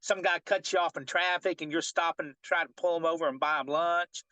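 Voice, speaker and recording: A middle-aged fishing guide telling a personal story in an interview, animated and often checking in with "right?". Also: male voice, fairly high pitch, brisk, dry recording, muffled recording. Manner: animated storyteller who keeps asking "right?".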